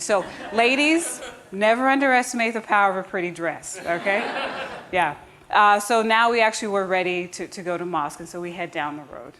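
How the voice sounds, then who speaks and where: A woman from the United States telling a personal story live on stage, earnest and warm-humored, with restarts and asides to the audience. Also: medium pitch, fairly quick, a crowd in the background.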